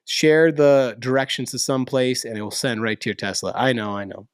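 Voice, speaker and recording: Man, mid-pitched voice, dry close sound, casual host, animated, slangy, many fillers. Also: moderate pace, clean tone, dry recording. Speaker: podcast host. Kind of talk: casual chat.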